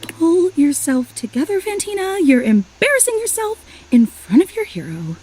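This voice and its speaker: High, swoopy, weepy game superfan gal, clingy and gushing. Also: female voice, big pitch swings, moderate pace, a little mellow, poor audio. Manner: gushing, tearful, breathless apologies. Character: overly emotional, clingy, obsessive female superfan. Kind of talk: video game voice acting.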